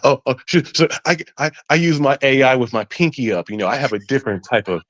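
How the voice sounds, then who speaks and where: A man in loose panel banter whose pitch swings all over the place. He talks in a jokey, stumbling way full of restarts, and the sound is dry and close with no room echo. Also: fast. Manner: joking, animated, stumbling restarts. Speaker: panel co-host. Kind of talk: casual panel chat.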